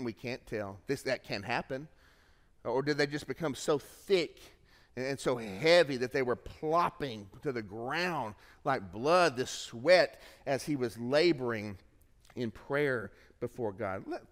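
A man preaching a sermon as pastor, emphatic and repetitive, dropping to hushed tones and then rising to urgent pleas. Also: mid-range voice, long reverb tail. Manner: emphatic, repeats phrases, swings from hushed to raised.

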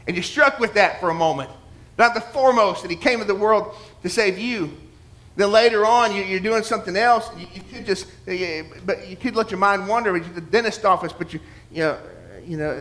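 Man preaching with a fairly high voice. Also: brisk. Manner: builds from murmured asides to loud emphatic preaching; repetitive, conversational with rhetorical questions. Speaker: pastor. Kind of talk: sermon.

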